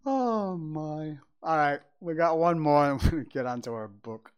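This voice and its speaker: An American man hosting a podcast, giving wry, animated commentary on news and drawing out words for effect. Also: fairly high pitch, fairly quick, clear, resonant tone. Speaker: podcast host. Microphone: podcast mic.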